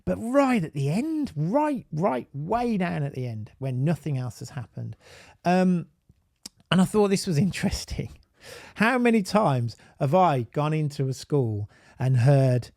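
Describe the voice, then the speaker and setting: A man with a Birmingham accent, an autism advisor and parent, talking in an animated, emphatic monologue with frequent restarts and tangents. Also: on the high side, moderate pace, dry recording, studio quality. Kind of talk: casual live-stream monologue.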